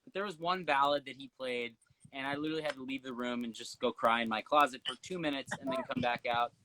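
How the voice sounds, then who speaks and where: A man's voice: medium pitch, quick pace, bright, forceful tone, a little hiss or hum, poor audio. A young man, a singer guesting on a phone livestream from home, joking and chatting with playful energy. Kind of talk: casual chat. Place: home, indoors.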